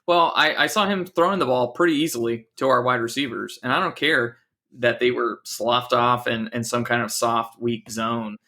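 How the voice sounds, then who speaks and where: A man co-hosting a sports podcast, with a bright, forward tone at a middle pitch. He talks with sarcastic exasperation and stumbles over his words as he goes. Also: fairly even intonation, normal speed. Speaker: podcast co-host. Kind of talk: casual sports chat.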